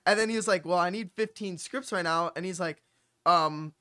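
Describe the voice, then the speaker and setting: A young man chats about his work in a relaxed, rambling way, leaning on "like" and "bro" in nearly every phrase. His voice sits a little high and sounds bright and forward. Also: fairly quick. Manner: loose, says "like" and "bro" constantly. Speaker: copywriting channel host. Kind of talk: casual chat.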